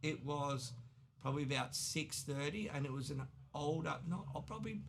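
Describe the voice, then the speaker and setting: A man in his forties with an Australian accent, telling wild work stories in casual chat, animated and swearing, acting out the people he quotes. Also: fairly high pitch, moderate pace, creaky. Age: 40s. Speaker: tattoo artist guest. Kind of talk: casual storytelling.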